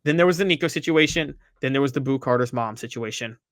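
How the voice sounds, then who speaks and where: A man hosting a sports talk show, giving animated, opinionated commentary and reading social media posts aloud. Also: mid-range voice, fast, no echo. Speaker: sports podcast host.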